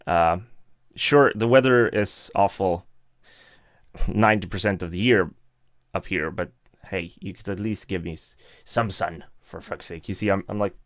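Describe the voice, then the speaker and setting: Man, young, deep-ish voice, laughs a lot, reads chat aloud. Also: moderate pace, no room sound, studio quality. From Sweden. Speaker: streamer answering live chat. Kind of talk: live stream Q&A chat.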